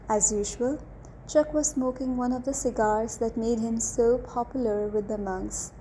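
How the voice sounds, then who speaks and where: A woman narrating a short story as an audiobook reader, in a measured, even storytelling manner. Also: on the high side, slight background noise, poor audio.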